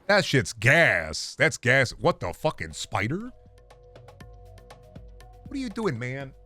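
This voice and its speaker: A man's voice: medium pitch, huge pitch swings, slow pace, bright, forceful tone, faint music behind. A young man streaming a game from his home setup, talking to himself in a rambling, profane way into a close desk microphone. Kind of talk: casual gaming stream commentary.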